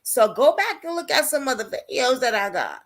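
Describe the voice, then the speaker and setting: High-pitched with big swings in pitch, this woman talks at a moderate pace while hosting an informal livestream covering a criminal case. She chats in slang, reading out viewers' comments and responding to them along the way.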